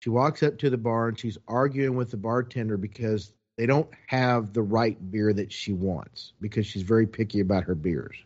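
A man telling a long story in a casual, animated way, quoting people as he goes. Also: fairly low pitch, moderate pace, few pauses, dull audio.

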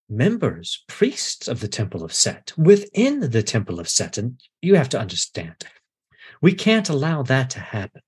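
A man voicing a smiling male priest torturer who speaks with calm, coaxing menace. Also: on the high side, husky, exaggerated voice.

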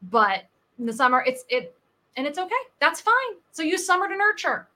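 Speaking at a moderate pace with a high-pitched voice, this thirties-aged sales coach from the United States shares stories in a conversational podcast interview. She performs the quoted voices in her anecdotes with lively energy.

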